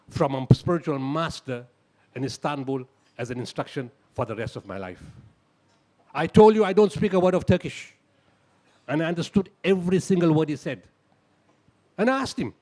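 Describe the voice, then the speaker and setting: A middle-aged man from South Africa giving a motivational talk, with a slow, emphatic delivery and long pauses between phrases. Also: a little high, darkish tone. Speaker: speaker telling his founding story.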